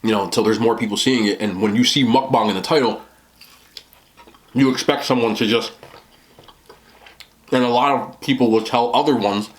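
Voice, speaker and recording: A man's voice: mid-range voice, fairly even intonation, normal speed, long pauses. A young man who vlogs about eating, chatting casually as he eats on camera, often talking with a mouthful and rambling. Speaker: mukbang vlogger.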